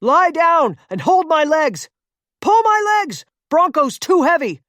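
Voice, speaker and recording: A woman voicing a determined man who shouts forceful commands during a rescue on the ice. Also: sits high, big pitch swings, slow pace, no echo, studio quality, voice pushed up, full character voice. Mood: commanding.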